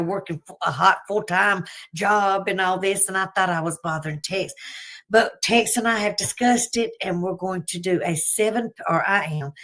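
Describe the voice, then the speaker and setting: Chatty Southern woman hosting a livestream. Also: on the low side. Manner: chatty, warm-hearted, folksy, laughs often. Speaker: livestream host. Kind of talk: casual livestream chat.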